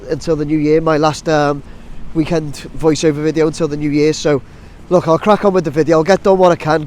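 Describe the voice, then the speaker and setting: A man's slightly high, darkish voice, nasal from a cold, carries this casual outdoor drone vlog chat by a bustling building site. He wanders from point to point, filling gaps with ums and starting over. Faint construction and traffic sounds and wind are audible.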